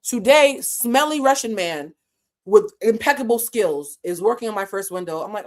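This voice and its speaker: A woman's voice: medium pitch, expressive, moderate pace. Blunt, profane woman telling a story. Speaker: vlogger. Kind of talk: casual storytelling.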